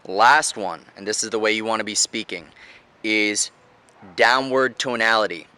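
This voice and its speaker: A man's voice: lowish voice, pushed and bright, clear, resonant tone. A man giving a motivational talk as a life coach, acting out example voices to show how to speak. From United States. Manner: demonstrates voice tones with exaggerated examples.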